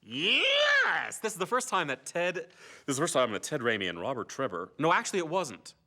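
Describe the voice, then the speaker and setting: An older actor reminiscing casually about his years on a TV series, an animated storyteller who slips into comic voices. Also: on the high side, fast talker.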